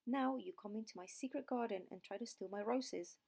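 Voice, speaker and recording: A woman's voice: mid-range voice, a little fast, creaky, darkish tone. A woman voicing an angry, commanding beast in an audiobook reading of a fairy tale. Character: terrible angry male beast in a palace.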